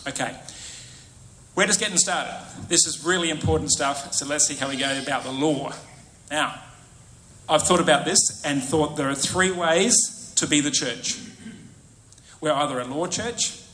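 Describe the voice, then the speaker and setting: A male pastor delivers a lively sermon and keeps questioning his listeners. His voice sits a little high and sounds bright and forceful. It rings through an echoey church hall over a faint murmur of room sound. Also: measured pace, pauses often, slight background noise. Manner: animated, asks the congregation questions.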